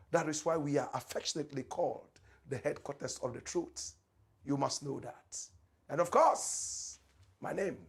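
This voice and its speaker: A man's voice: sits high, gravelly, slightly rough. A Ghanaian man hosting a political commentary show, talking in a preacherly, dramatic way with repeated catchphrases. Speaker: show host.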